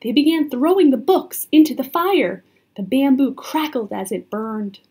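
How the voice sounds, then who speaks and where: Breathy woman reading a storybook aloud. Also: high voice, moderate pace. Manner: expressive, chats to the listener. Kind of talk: children's book read-aloud.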